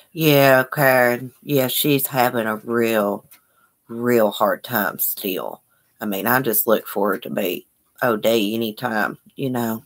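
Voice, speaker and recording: Woman with a really deep voice chatting live, reading comments, sympathetic and folksy. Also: takes it slowly. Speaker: livestream host. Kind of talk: casual live chat reading viewer comments.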